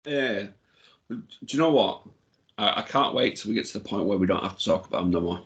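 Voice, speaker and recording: A man's voice: on the low side, lively intonation, fairly quick, a bit bright, muffled recording. A man co-hosting a casual wrestling podcast, blunt and opinionated, with casual swearing. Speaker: podcast co-host.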